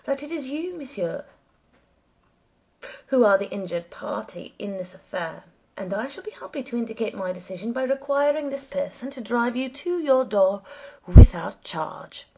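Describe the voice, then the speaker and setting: A woman's voice: medium pitch, lively intonation, moderate pace, vocal fry, warm tone, husky. A woman voicing a stern, fussy male police commissioner who speaks formally and precisely.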